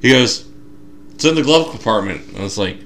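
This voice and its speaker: A man's voice: mid-range voice, fairly quick, a little hiss or hum. A young man co-hosting a podcast, telling a story with lots of acted-out quotes. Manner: animated storyteller, acts out quotes. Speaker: podcast co-host. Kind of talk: casual chat.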